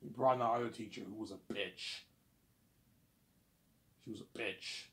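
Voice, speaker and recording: A man's voice: lowish voice, steady tone, normal speed, fairly bright tone. A man in his thirties telling a personal story in a casual monologue, rambling, repeating himself and swearing often. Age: 30s. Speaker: vlogger.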